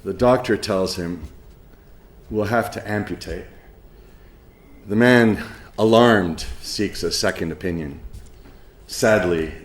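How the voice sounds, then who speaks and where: A middle-aged man giving a lecture, halting with many ums and uhs, with a dry sense of humor. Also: sits low, reverberant. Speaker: professor giving a conference talk. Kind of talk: spoken lecture with an anecdote.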